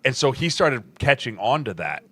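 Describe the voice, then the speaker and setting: A man's voice: mid-range voice, moderate pace, no room sound. A man in his thirties co-hosting a podcast in casual chat, telling stories with laughs and acted-out quotes. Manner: animated storyteller, laughs often, acts out quotes. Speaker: podcast co-host, former offensive lineman.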